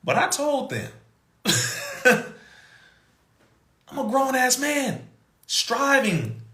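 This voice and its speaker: A man telling a story in an emphatic, animated way, mimicking other people's voices and laughing between points. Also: extremely high pitch, extremely slow, roomy sound. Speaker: podcast guest.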